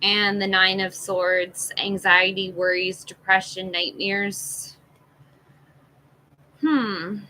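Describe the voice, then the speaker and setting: Woman, tarot reader, live stream chat, slow and easy pace, bright forceful voice, reads out card meanings. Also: mid-range voice, flat delivery, rough recording. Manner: unhurried, listing card meanings and greeting chat viewers.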